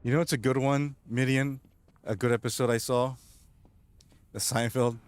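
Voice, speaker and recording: A man's voice: mid-range voice, fairly even intonation, normal speed, clean tone, no echo. A man streaming, chatting casually while gaming, rambling along and laughing often. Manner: rambling, laughs often, does goofy voices in retold scenes.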